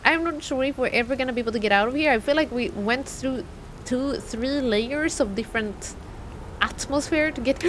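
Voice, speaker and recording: Very high-voiced young woman streaming. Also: lively intonation, fairly quick, noisy background. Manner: chatty, thinks aloud and talks to chat. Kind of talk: live gameplay commentary.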